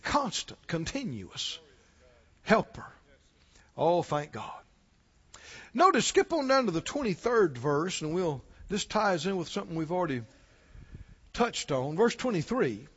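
A man preaching a sermon as a pastor, building to loud emphatic calls and then dropping low. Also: very animated, normal speed, breathy edge, in a large hall, lo-fi sound.

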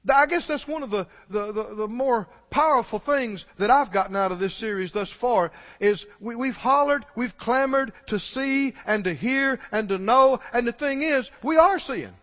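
A man's voice: extremely high pitch, moderate pace, hardly any pauses, fairly bright tone. A man preaching a sermon, urgently pressing his congregation with questions. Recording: dull recording, long hall reverb.

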